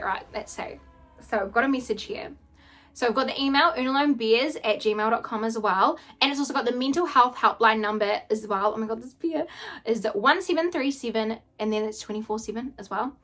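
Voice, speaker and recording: A woman's voice: fairly high pitch, a little fast, fairly bright tone. A young woman from New Zealand, gushing and emotional as she chats through an unboxing vlog and swears casually. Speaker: vlogger.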